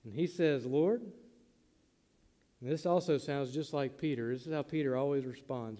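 A man's voice: medium pitch, moderate pace, pauses often, dark tone, big-room sound. A man preaching a sermon to his congregation in a conversational way, acting out the lines he quotes. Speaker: pastor.

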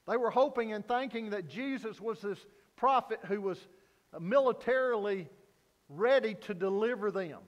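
A man preaching a sermon as pastor, earnest, swinging from loud emphasis down to quiet, low lines. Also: moderate pace. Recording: long hall reverb.

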